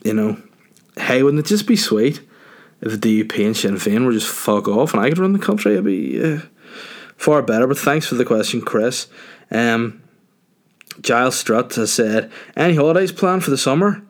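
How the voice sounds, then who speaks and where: A man's voice: mid-range voice, lively intonation, moderate pace, pauses often. A young man with a Northern Irish accent hosting a podcast, answering listener questions in a crude, joking, rambling way. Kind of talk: casual chat.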